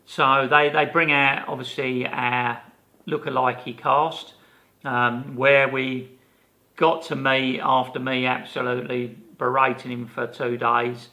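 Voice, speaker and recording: An older man, co-hosting a podcast and telling a long anecdote in a casual, animated way, full of fillers and restarts. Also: mid-range voice, takes it slowly. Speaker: podcast co-host. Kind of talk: casual storytelling chat.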